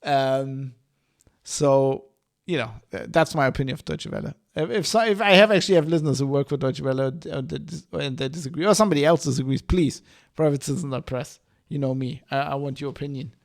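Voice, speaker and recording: A man's voice: a little high, brisk, creaky. A man hosting a podcast, giving casual solo commentary in a rambling, hesitant way with many restarts. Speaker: podcast host.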